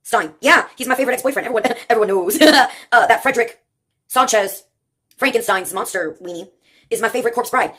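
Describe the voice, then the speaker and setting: A woman's voice: fairly high pitch, fairly quick, fairly bright tone, breathy edge. A woman doing a rambling, improvised comedy monologue, free-associating absurd jokes and laughing at herself.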